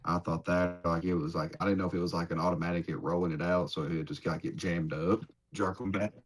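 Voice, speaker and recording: A husky, low-voiced man calling in remotely to a podcast. He talks in excitable, quick bursts. His voice has a rough, breathy edge. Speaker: podcast co-host. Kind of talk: casual chat. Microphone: remote call.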